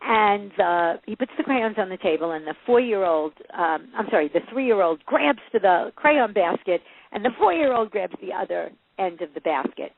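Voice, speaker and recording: Woman guest, mid-range voice, lively anecdotes, heard over a narrow phone connection. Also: mid-range voice, moderate pace, creaky, a little hiss or hum. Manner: lively storyteller who acts out quoted voices and laughs often. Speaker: parenting coach guest. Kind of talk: casual interview chat. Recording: phone-line audio.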